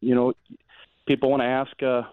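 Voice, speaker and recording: A man's voice: mid-range voice, monotone, moderate pace, clear, resonant tone, no echo. A man calling into a radio sports show as a reporter guest, tired and joking in a rambling, self-deprecating way. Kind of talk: casual radio chat. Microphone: phone line. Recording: tinny dry phone line.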